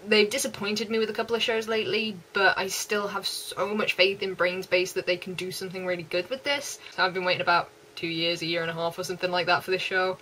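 A young woman with a West Country English accent, chatting excitedly and gushing in repeats as an anime vlogger. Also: on the low side, quick pace, few pauses, slight background noise, low-quality recording. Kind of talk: casual chat.

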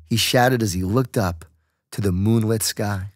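A man narrating an audiobook in a steady, measured reading. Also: fairly low pitch, no echo, studio quality.

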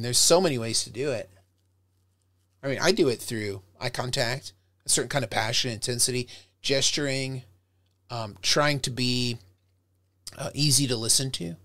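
Animated man lecturing on public speaking. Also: medium pitch, no echo. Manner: animated, direct, demonstrates tones by acting them out. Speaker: professor teaching public speaking. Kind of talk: lecture to students.

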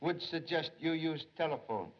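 An actor playing a calm, wise middle-aged male detective who speaks in terse, clipped aphorisms, in 1930s film acting. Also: fairly high pitch, normal speed, slightly rough. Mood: deductive. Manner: terse, clipped aphorisms dropping small words. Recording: dull lo-fi 1930s film soundtrack.

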